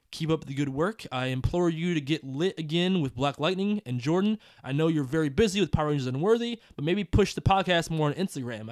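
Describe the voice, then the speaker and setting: A man's voice: on the high side, fairly bright tone, no room sound. Man host reading emails, dry sound. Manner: reads aloud with joking asides, laughs often. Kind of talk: casual podcast chat.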